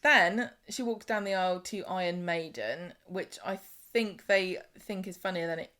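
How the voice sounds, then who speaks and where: A woman's voice: on the low side, normal speed, bright, forceful tone. A woman co-hosting a podcast, chatting casually as she recaps a soap opera and acts out the characters' lines. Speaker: podcast co-host.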